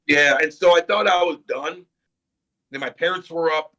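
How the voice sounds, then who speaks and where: Speaking at a normal pace in a fairly high, bright, and forceful voice, a middle-aged ex-pro hockey player guests on a laid-back podcast. His stories are animated and keep moving, with each quote acted out and plenty of swearing.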